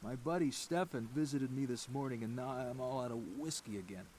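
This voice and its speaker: A man's voice: mid-range voice, brisk, darkish tone, slight background noise, lightly acted. A man voicing a sardonic old-school fisherman. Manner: sardonic, folksy. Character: gruff middle-aged male fisherman. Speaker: game character.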